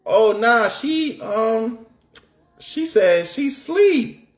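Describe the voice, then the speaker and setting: A man putting on the voice of a protective young woman, the best friend, talking high and suspicious. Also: lively intonation, drawn-out words, reverberant.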